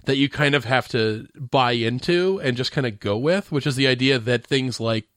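A man's voice: medium pitch, normal speed, fairly bright tone, dry recording, clean studio sound. A man co-hosting a casual movie discussion podcast, retelling scenes with energy and laughing as he goes. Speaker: podcast co-host.

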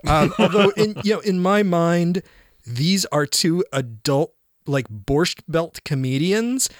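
A man's voice: on the high side, lively intonation, takes it slowly, no room sound, clean studio sound. A man chatting casually on a podcast about a movie, with wry, rambling asides. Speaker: podcast co-host. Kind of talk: casual movie review chat.

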